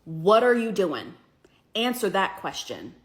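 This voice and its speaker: A woman's voice: mid-range voice, big pitch swings, slow pace. A woman giving a heated commentary rant, indignant and rhetorical, tagging her points with questions. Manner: indignant, rhetorical, keeps asking "right?". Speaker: commentary creator.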